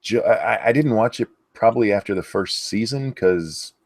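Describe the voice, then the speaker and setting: Casting note: man, very low voice, relaxed co-host chat, dry close mic. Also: normal speed, no echo. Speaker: streamer co-host. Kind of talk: casual chat.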